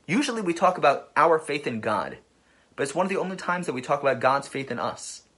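A man's voice: fairly high pitch, big pitch swings, a little fast, fairly bright tone, husky. A man speaking as a rabbi, telling an inspirational story in an emphatic way that builds to passionate peaks.

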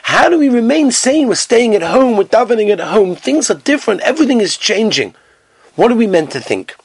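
A man's voice: high voice, very animated, brisk, a little mellow, husky, no echo. A man giving a rabbi's lecture in an earnest, emphatic storytelling style, sprinkled with Hebrew and Yiddish terms.

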